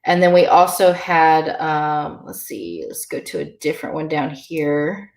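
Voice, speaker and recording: A woman's voice: sits low, lively intonation, unhurried, reverberant. A woman teaching a beginner Irish language lesson, explaining pronunciation patiently with many ums and uhs.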